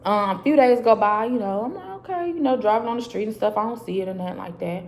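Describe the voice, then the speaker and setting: Animated woman sharing a faith story. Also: medium pitch, quick pace, a little hiss or hum. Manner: animated storytelling, acting out her own dialogue; casual, loose and chatty with many fillers. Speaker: vlogger. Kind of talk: casual faith testimony vlog. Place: a quiet private space.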